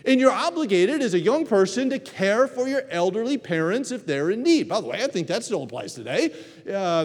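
A man preaching a sermon, telling stories with animated delivery and acting out quoted voices. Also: high-pitched. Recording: reverberant hall.

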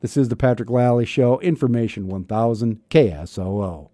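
A man's voice: mid-range voice, normal speed, loud music behind the voice. A man in his fifties hosting a radio talk show, chatting casually and wryly with many restarts, his throat a little scratchy. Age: 50s. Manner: chatty, self-interrupting, wry. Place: radio studio. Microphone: studio microphone.

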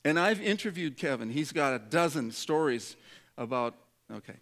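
A man's voice: a little high, lively intonation, normal speed, fairly bright tone. A man preaching a sermon to a congregation in a conversational, joking way, acting out the voices of the people in his story. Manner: humorous, conversational, acts out quoted voices. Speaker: pastor.

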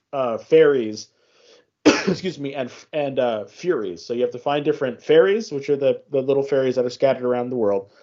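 A man's voice: medium pitch, darkish tone. Rambling male podcast host, dull audio. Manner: rambling, many restarts, acts out game dialogue in quick voices. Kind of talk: casual podcast chat.

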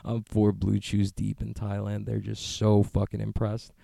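A man's voice: on the low side, completely flat delivery, measured pace, creaky, warm tone, no room sound. A man hosting a podcast from the street, rambling and joking in a profane, casual way, often working himself up into a rant. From United States. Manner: rambling, profane, joking, gets worked up into ranting. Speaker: podcast host. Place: outdoors on a street.

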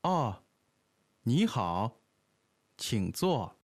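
A woman playing a calm teacher who greets a visitor in a scripted lesson dialogue. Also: very deep voice, very slow, dry recording, clean studio sound, exaggerated voice. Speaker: dialogue actor.

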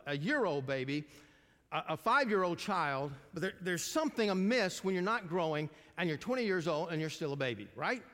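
A man's voice: sits high, a bit bright. An older man preaching a sermon to a congregation in a folksy, conversational way, asking them questions as he goes. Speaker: pastor. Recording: long reverb of a large hall.

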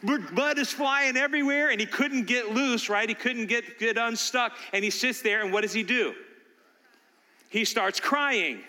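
An older man preaching a sermon, shifting between loud urging and soft storytelling. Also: very high voice, a little slow, long reverb tail. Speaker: pastor.

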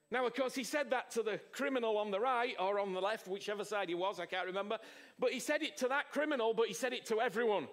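Male preacher, very high voice for a man, emphatic sermon, rhetorical questions, loud to hushed. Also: a little fast.

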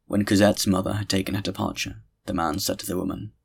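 Creaky, husky male narrator. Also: deep voice, fairly even intonation, quick pace. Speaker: audiobook narrator. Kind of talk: scripted narration of a classic novel.

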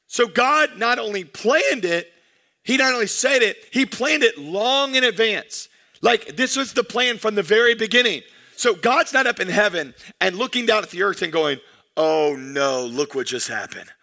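A man's voice: very high-pitched, lively intonation, moderate pace, pushed and bright. A man in his thirties, a pastor preaching a sermon with energy and calling out to his congregation.

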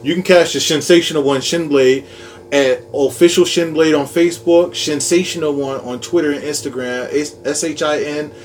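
A man's voice: fairly high pitch, steady tone, slight background noise. A man hosting a casual podcast, upbeat and jokey, wrapping up the show with thanks and plugs. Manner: upbeat, jokey, spells out handles slowly. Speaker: podcast host.

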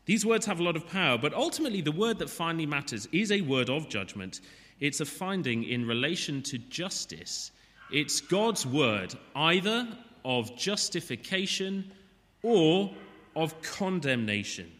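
A man's voice: a little high, sing-song, normal speed, a bit bright, big-room sound. A man from Wales preaching a sermon, chatting and joking before he turns to his text.

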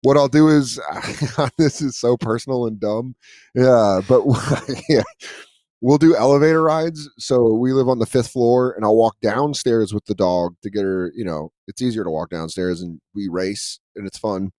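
A man hosting a casual chat, telling animated stories with casual swearing. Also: mid-range voice, normal speed, dry recording, studio quality. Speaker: podcast host.

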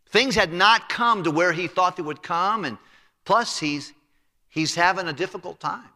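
A man preaching a sermon as pastor, emphatic, letting his voice sink low and quiet on key words. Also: normal speed. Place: church sanctuary. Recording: reverberant church hall.

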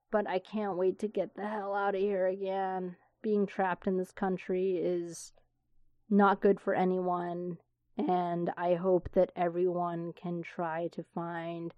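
A woman's voice: mid-range voice, mellow, no room sound, highs cut off. A woman hosting a podcast alone, talking in a candid, rambling way with swearing and asides. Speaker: podcast host. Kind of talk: casual solo podcast talk.

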